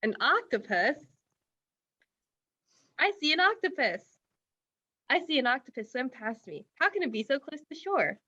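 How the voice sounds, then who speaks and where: A woman's voice: high voice, sing-song, normal speed, pauses often, bright, forceful tone, slightly rough. A woman reading her team's story aloud to an online class and asking the listeners to choose. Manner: reads aloud, then asks the audience. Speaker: workshop participant. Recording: dull, dry video call audio.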